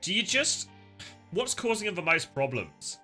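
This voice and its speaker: A man casting live esports, shifting between excitable play-by-play and chatty analysis full of fillers. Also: high voice, normal speed, faint music behind. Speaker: esports caster.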